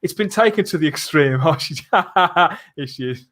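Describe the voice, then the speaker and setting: A man with a high, very expressive voice that swings widely as he talks. He is a podcast guest, chatty and earnest, and laughs easily between his points. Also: unhurried, crowd noise. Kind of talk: casual podcast discussion.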